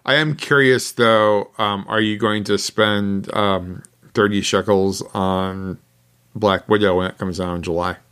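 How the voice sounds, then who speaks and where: A man's voice: on the low side, steady tone, unhurried, fairly bright tone, smooth. A man chatting casually as a podcast co-host, laid-back and hesitant, often restarting his sentences.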